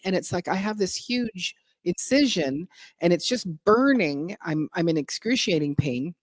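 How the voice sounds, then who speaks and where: Low-voiced woman, thoughtful and halting. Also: expressive, no room sound. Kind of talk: casual live-stream chat.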